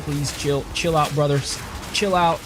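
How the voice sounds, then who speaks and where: A young man streaming games, chatting casually and telling long rambling stories full of fillers, getting loud and exasperated when he rants. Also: a little high, fairly even intonation, measured pace, music in the background. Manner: rambling anecdotal storytelling with many fillers. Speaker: game streamer. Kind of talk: casual live-stream chat.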